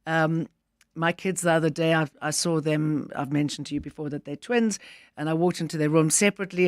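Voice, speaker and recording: A man hosts a talk radio show, his voice sitting on the higher side and recorded close and dry in a studio. He chats and muses in a relaxed way, often restarting his thoughts. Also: no room sound. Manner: chatty, with frequent restarts and fillers. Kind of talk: casual radio chat.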